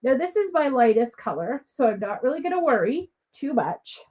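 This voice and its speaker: A woman's voice: high voice, very animated, normal speed, dark tone. A middle-aged woman demonstrating papercrafts live from her home craft room, talking in a chatty, bubbly way, a little sniffly with a cough.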